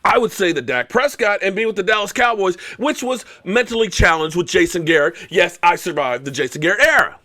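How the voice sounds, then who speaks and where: A man ranting on his live stream about football, sitting high in his register and swinging his pitch all over. He sounds fired up and sarcastic, mocking his rivals and hammering his points home by repeating himself. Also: big pitch swings, normal speed, bright, forceful tone. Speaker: show host and former pro football player. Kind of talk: heated live-stream sports rant.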